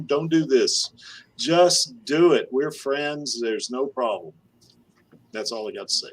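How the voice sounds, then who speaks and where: A man's voice: mid-range voice, measured pace. A man co-hosting a casual live stream chat, laughing often and filling with "you know". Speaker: podcast co-host.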